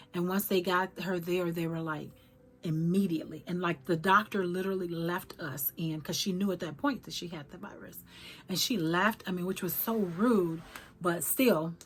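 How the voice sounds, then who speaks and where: Woman lower-voiced, telling a hard story. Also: fairly bright tone. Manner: emotional, halting, many fillers and restarts. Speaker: vlogger. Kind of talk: personal storytelling to camera.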